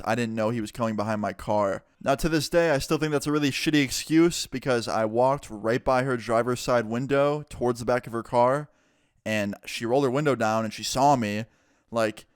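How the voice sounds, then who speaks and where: A man's voice: smooth, dry recording, clean studio sound. Fired-up young man telling a story. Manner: animated, swears a lot, rises in pitch when riled. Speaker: storytelling vlogger. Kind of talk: casual storytime.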